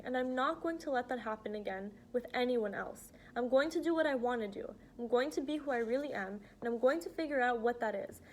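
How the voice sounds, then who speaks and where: A woman voicing an earnest teenage girl who pleads softly but firmly, her voice a touch higher than ordinary. She presses her points with open feeling in an audiobook reading. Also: lightly acted. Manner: earnest, pleading, soft-spoken.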